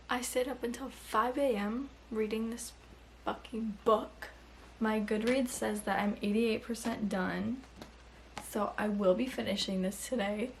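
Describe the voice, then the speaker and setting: A young woman vlogging about a book series in a casual, animated way, swearing often and saying "like" constantly. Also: fairly high pitch, measured pace. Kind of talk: casual reading vlog. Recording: faint background noise.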